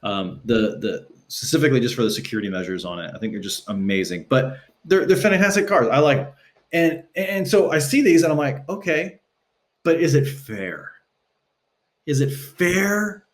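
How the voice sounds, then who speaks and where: A man speaking as a guest on a podcast, telling stories casually and acting out quotes with shifting pitch. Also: sing-song, fairly quick. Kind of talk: casual conversational storytelling. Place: Los Angeles.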